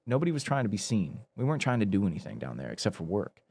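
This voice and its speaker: A man in his thirties, a guest actor, telling animated stories in a casual podcast chat. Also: lowish voice, rapid-fire, slightly rough. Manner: animated storyteller who acts out quoted people.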